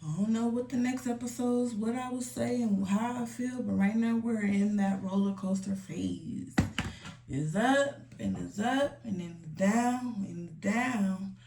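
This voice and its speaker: A woman's voice: medium pitch, unhurried, gravelly, a little hiss or hum. Chatty young woman vlogging from home. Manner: candid, chatty, slangy, drifts into soft whispered asides. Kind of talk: casual confessional chat. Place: home room. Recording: roomy echo, a little distant from the mic.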